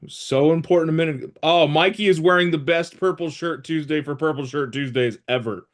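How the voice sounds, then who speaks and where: A man's voice: on the high side, fairly quick. A man hosting a casual morning team video call, upbeat and teasing. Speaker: host of a morning team meeting. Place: home, working remotely.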